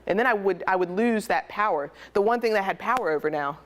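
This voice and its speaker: A woman's voice: mid-range voice, animated, fast, a little hiss or hum. A young woman speaking candidly and emotionally at a conference, telling a personal story in a conversational way. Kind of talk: personal testimony talk. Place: conference hall.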